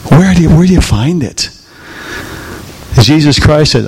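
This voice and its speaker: Folksy preaching pastor, higher-pitched man. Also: expressive, breathy edge. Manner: preaching with repeated rhetorical questions to the congregation; folksy, swings between loud emphatic lines and soft drawn-out ones. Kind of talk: sermon.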